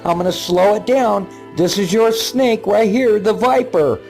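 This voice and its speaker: A man's voice: sits high, gravelly, a little mellow, faint music behind. Rambling older man narrating his own footage. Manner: rambling and halting, with repeated words and many fillers. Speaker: paranormal video maker. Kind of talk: casual vlog commentary over his own footage.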